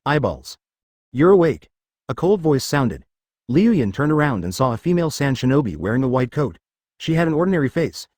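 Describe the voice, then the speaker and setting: Lively male narrator voice, dry sound. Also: mid-range voice, no room sound. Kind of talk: scripted narration.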